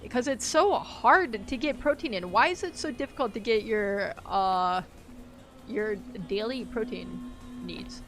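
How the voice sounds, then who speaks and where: With music playing in the background, a woman whose voice is a little high talks a little slowly during a game live stream. Her chat is casual and rambling, full of laughter and out-loud reactions to the game.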